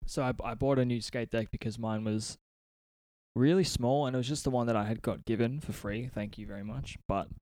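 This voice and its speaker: A man's voice: medium pitch, a little fast, darkish tone, no echo, clean studio sound. A man hosting a casual podcast from a friend's house, rambling through stories with lots of swearing and laughter. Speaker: podcast host.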